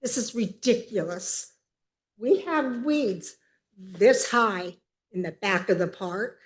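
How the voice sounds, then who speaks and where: Upset older woman giving public comment. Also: mid-range voice. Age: 70s. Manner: upset, emphatic, halting. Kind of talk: public comment at a council meeting. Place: city council chamber.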